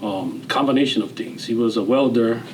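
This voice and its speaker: A man of around sixty with a Hawaiian Pidgin-tinged accent, telling his story as a guest in a relaxed, rambling way, with fillers and restarts. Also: medium pitch, normal speed, slight background noise, low-quality recording. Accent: Hawaiian Pidgin-tinged English. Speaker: interview guest, retired general. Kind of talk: casual storytelling interview.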